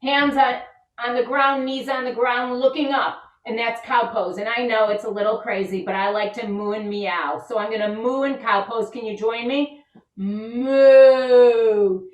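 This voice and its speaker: A woman's voice: fairly high pitch, steady tone, normal speed, a bit bright. A woman leading a children's yoga and mindfulness lesson, giving upbeat, encouraging step-by-step instructions. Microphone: camera set back from her. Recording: roomy sound from a distant mic.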